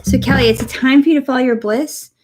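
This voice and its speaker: Soft-spoken woman giving an energy reading. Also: high-pitched, steady tone, quick pace, noisy background. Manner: soft, encouraging, answers viewers by name. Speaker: energy reader. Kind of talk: live-stream spiritual reading. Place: home room next to her computer.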